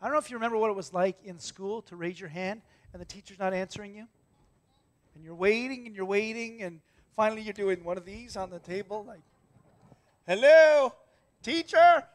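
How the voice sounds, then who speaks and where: A man with a fairly high voice preaches from a church pulpit. He tells stories with energy, acting out the characters' lines. He drops to near whispers for tender moments and rises for big ones. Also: fast talker. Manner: animated storytelling, acting out voices, swinging from loud to hushed. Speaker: pastor. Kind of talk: sermon.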